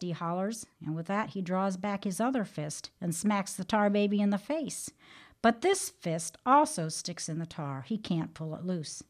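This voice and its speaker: A woman hosting a Christian teaching program, reading an earnest devotional talk and telling a story in a measured way. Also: mid-range voice.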